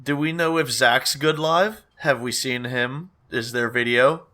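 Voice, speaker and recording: Laid-back male co-host, wry, bright forward voice. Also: medium pitch, fairly even intonation, measured pace. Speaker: podcast co-host. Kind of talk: casual podcast chat.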